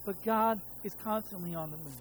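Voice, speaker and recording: High-voiced pastor telling a story. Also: male voice, a little fast, a little hiss or hum, poor audio. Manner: conversational storytelling, acts out his own voice and God's. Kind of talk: sermon.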